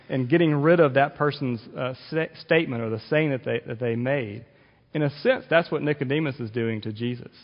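A male pastor giving an earnest sermon, explaining scripture with occasional restarts. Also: medium pitch. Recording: dull audio with long reverb in a hall.

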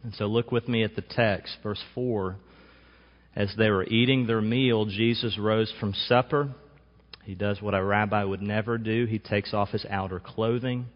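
Man, pastor, sermon, low voice, measured and emphatic, long hall echo. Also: steady tone, dull audio. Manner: measured, emphatic preaching with slow stressed phrases.

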